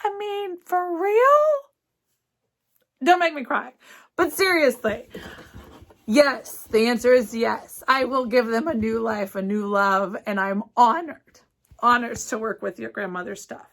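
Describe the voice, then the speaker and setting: Woman host, casual vlog chat, effusive and gushing; bright, slightly high voice. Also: measured pace. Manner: gushing, excitable, chatty. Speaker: cross-stitch vlogger. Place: home craft studio.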